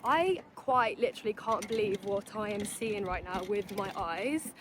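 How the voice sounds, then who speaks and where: A woman's voice: medium pitch, a little slow. A young woman vlogging outdoors in a desert canyon park while riding an e-bike, gushing and emotional, exclaiming over the view. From United Kingdom. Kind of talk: travel vlog. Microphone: phone held while riding an e-bike. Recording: loud outdoor noise.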